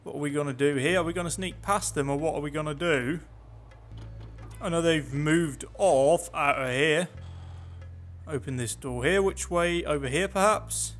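A gameplay commentator talks at a moderate pace in a slightly high voice, with faint music behind him. He gives chatty, sarcastic let's play commentary, muttering to himself throughout.

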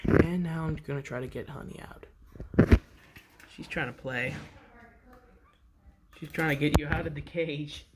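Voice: medium pitch, steady tone, a little slow, long pauses, very noisy. A pet vlogger at home by the birdcages, coaxing the birds in casual, sing-song baby talk.

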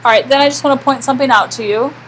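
Woman teacher, classroom lecture, slightly high voice, quizzes the class and answers herself. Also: rapid-fire, fairly bright tone, slight background noise, low-quality recording. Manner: asks the class questions and answers them herself. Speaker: math teacher.

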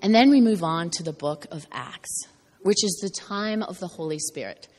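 A hoarse woman delivers a Sunday sermon with a faint rasp, speaking in an earnest teaching rhythm. Her voice sits a little low, and it rings with the long reverb of a church hall. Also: lively intonation, moderate pace, darkish tone. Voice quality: slightly raspy. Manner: earnest teaching cadence with frequent "right?" asides. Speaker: preacher. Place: church sanctuary.

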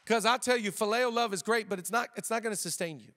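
Man, pastor, middle-aged, high voice, conversational sermon, repeats phrases, church hall echo. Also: fast talker, fairly bright tone, slight background noise. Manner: conversational preaching with repetitions and jokes. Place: church auditorium.

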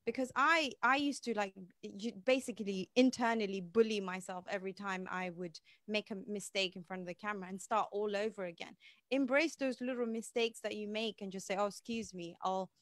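A woman's voice: medium pitch, brisk, fairly bright tone, dry recording. A woman guest on a livestream interview, talking in a chatty, upbeat way with lots of fillers over a video call. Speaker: guest, business founder.

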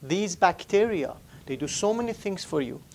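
A man with a high-sitting, creaky voice of darkish tone and lively intonation speaks at normal speed while teaching anatomy. In this classroom lecture he writes on the board, quizzes the students, and restates key terms.

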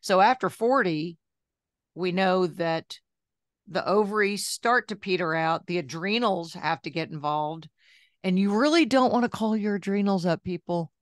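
A woman in her sixties, a journalist and health coach, telling her story in a chatty, lively interview style full of asides. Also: on the low side, normal speed, dry recording, studio quality. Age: 60s.

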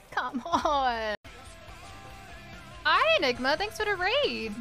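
A young woman streaming a game, excitable, swearing often and laughing between reactions. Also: sits high, slow pace, pauses often, faint music behind. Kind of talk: casual live-stream commentary.

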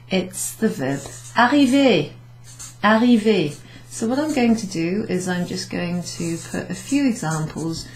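A woman teaching a beginners' French class, explaining slowly and patiently with many ums and repeated French words. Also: lowish voice, a little mellow, low-quality recording. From United Kingdom. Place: pub function room, recorded lesson.

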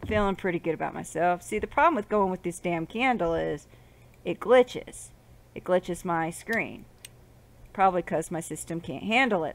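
A woman casually commenting while she plays a game, swearing and muttering to herself, with loud outbursts in between. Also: fairly low pitch, animated, normal speed, creaky. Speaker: gaming channel host. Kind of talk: casual let's-play commentary.

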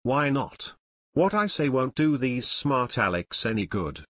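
A man's voice: mid-range voice, big pitch swings, unhurried, a bit bright, dry recording. A man voicing a cocky male former guard who sneers and snaps at others, in an audiobook reading. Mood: sneering. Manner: sneering, snappish. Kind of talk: audiobook narration.

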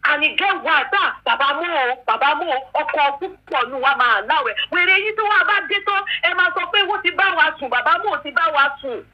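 A woman, mixing English and as she emphatically scolds her commenters on a live stream. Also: very high voice. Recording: dull lo-fi live-stream audio.

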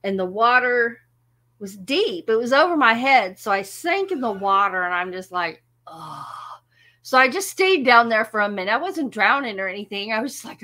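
A woman's voice: fairly high pitch, normal speed. A woman hosting a music channel, telling a story casually to her audience, laughing often and poking fun at herself. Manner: laughs often, animated and self-mocking.

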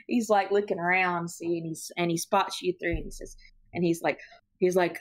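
A woman narrating as game master of a tabletop game, giggly and halting, with many fillers. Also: on the low side, steady tone.

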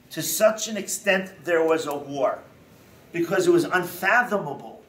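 Rabbi delivering a lively congregational lecture, higher-pitched man, picked up from across a synagogue hall. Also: far from the mic, a little hiss or hum. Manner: animated storytelling, rising emphatic repetitions.

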